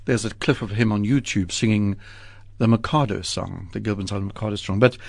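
A man with a low voice hosts a radio interview from a studio. He asks polite, curious follow-up questions of his guest. The sound is close and dry. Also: steady tone, fast, vocal fry, no room sound. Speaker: radio show host. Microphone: studio microphone.

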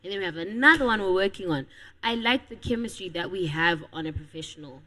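A woman in her twenties, a singer, answering questions in a casual radio interview in a soft, easygoing way. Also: on the low side, animated, fast, rough recording. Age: 20s. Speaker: guest singer.

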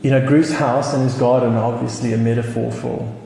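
Mellow-voiced South African pastor. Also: male voice, mid-range voice, little pitch movement, a little fast, gravelly. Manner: storytelling with chuckles and restarts. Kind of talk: sermon. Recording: echoey hall with faint noise.

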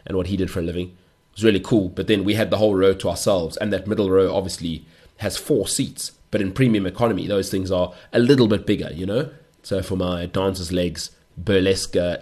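A man hosting a solo podcast, rambling through jokey stories with mock-outraged asides. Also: on the low side. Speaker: podcast host. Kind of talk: solo comic chat.

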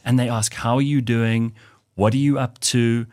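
A man hosting an interview, asking long, thoughtful questions with fillers and pauses. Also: mid-range voice, little pitch movement, a little mellow, no echo, studio quality. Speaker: interview host. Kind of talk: conversational interview.

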